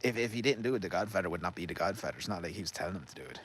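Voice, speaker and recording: An Irish man with a very low voice rambles through a casual, sweary story in a garden. He laughs easily and trips over names as he goes. There is a faint outdoor hum behind him. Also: animated, rapid-fire, a bit bright, low-quality recording. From Ireland. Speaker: vlogger.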